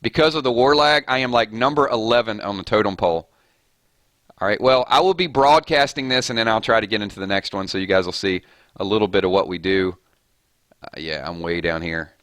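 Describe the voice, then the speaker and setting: A chatty male streamer with a lowish, forceful voice, a touch hoarse after a loud weekend. He talks loosely and relaxed over gameplay, greeting viewers one by one. The sound is dry and close to the mic. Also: a little fast, no echo. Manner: relaxed, chatty, reads out viewer shout-outs. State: slightly hoarse. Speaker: gaming streamer host. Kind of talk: casual live-stream chat over gameplay.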